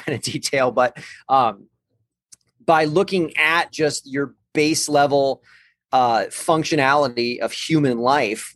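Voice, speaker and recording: A man in a mid-range voice walks through brain science in an easygoing, explanatory way. He pauses, restarts his phrases and circles back as he thinks. The sound is dry and close, with no room around it. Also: medium pitch, no echo. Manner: thoughtful, explanatory, frequent restarts and fillers. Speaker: guest expert on neuroscience and balance training. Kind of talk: conversational explanation.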